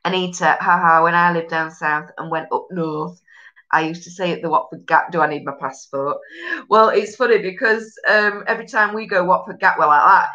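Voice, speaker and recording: A woman with a Yorkshire accent hosts a casual live stream, reading out viewer comments and rambling bluntly in sweary northern slang. Her voice sits on the low side and comes across bright and forceful at a moderate pace, though the recording is muffled.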